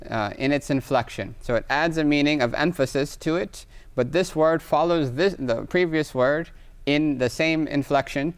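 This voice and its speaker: In a recorded online lesson, a man with a smooth, medium-pitched voice teaches Arabic grammar. He explains patiently, reads Arabic examples aloud, and often checks in by asking "right?".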